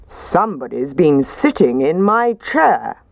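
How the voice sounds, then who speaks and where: A woman voicing a big, gruff father bear in a storybook reading. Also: deep voice, big pitch swings, takes it slowly, no echo, studio quality, full character voice. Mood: indignant.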